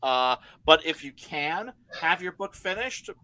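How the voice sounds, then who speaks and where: A man chatting casually on a comics talk stream, telling stories in an animated, emphatic way. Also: on the high side, measured pace, dry recording. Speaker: comic creator guest. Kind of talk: casual podcast chat.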